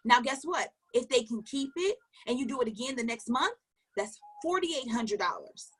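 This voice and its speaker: A woman giving an emphatic motivational coaching talk, firing questions at her listeners, repeating key phrases and dropping into low asides. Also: expressive, moderate pace, fairly bright tone, husky. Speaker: network marketing coach.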